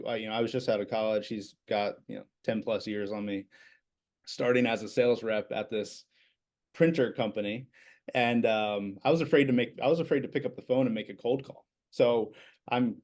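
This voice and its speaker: A talkative man in his thirties tells stories as a podcast guest. His voice sits at a middle pitch. He talks casually, restarts his sentences and leans on fillers. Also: darkish tone. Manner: chatty, repeats words at starts, many fillers. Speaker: business owner, podcast guest. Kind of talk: casual interview storytelling.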